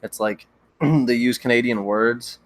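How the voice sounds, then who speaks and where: A young man hosting a livestream, chatting casually with viewers in a relaxed, rambling way with frequent stammered restarts. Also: medium pitch, unhurried. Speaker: livestream host. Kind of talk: casual chat reading viewer comments.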